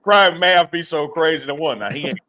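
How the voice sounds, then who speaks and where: Joking co-host dude, heavy slang, easy chat. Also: male voice, a little high, animated, fairly quick, pushed and bright. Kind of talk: casual sports talk.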